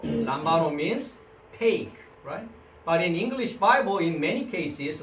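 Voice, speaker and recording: A man's voice: a little high, a bit bright. A man with a Korean accent teaching a Greek language class in non-native English, checking with students by asking "right?". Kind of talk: classroom lecture. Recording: echoey room, mic at a distance, faint background noise.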